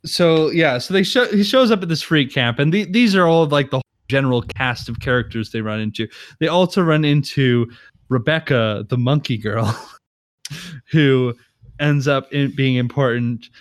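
A man co-hosting a casual chat, laughing often and retelling movie scenes with quick voices for the characters. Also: medium pitch, no room sound, clean studio sound. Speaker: podcast co-host.

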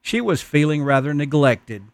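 A man's voice: on the high side, very animated, moderate pace, no echo. A man preaching a Christmas sermon, telling stories in an earnest, folksy way. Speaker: pastor.

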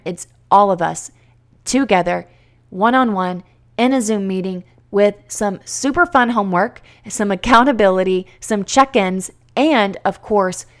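A woman in her thirties talks straight to her listeners on her own podcast, earnest and encouraging. She rolls from one question to the next in long eager lists. Her voice sits at an ordinary middle pitch. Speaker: podcast host and homeschool coach. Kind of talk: energetic solo podcast talk with a promo.

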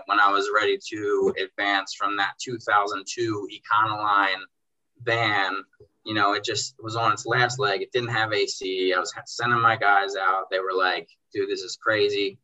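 A young man who runs a car detailing business, telling animated stories in casual chat and acting out dialogue in quotes. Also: fairly low pitch, moderate pace, highs cut off. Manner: animated, acts out dialogue in quotes, says bro and dude. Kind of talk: casual storytelling in a podcast chat.

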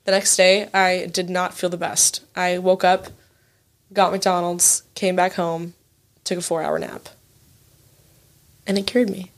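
A woman's voice: on the low side, little pitch movement, a little slow, pauses often. A woman in her twenties telling a story in casual chat, swearing freely and acting out what others said. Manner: chatty, swears freely, acts out quoted voices.

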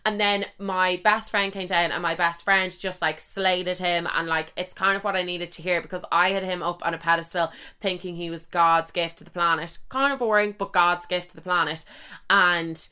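Chatty and blunt, this young adult podcast host swears often and acts out quoted asides as she talks on her own show. She speaks at a normal pace in a smooth, lowish voice.

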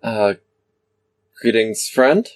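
A man's voice: fairly low pitch, expressive, drawn-out words, dry recording. A man playing a tabletop role-playing game, talking hesitantly with many fillers. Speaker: player.

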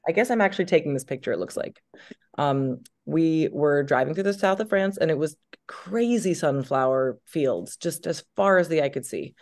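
A woman in her thirties, an actress being interviewed, telling stories in an animated way and laughing through her words. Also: low-pitched, moderate pace. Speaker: actress and guest. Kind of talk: casual interview chat.

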